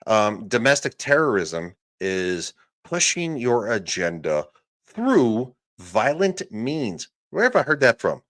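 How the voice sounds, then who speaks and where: A man's voice: mid-range voice, big pitch swings, takes it slowly, fairly bright tone. A man giving casual live commentary on a podcast clip, profane and sarcastic, with laughing asides. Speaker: streamer reacting to a podcast clip.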